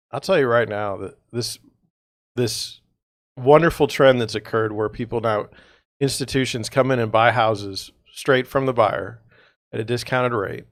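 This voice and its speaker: A man with a medium-pitched voice hosts a real estate livestream, rambling through a casual monologue with exasperated, sarcastic asides. He sounds tired and yawns, and the recording is dry and studio quality.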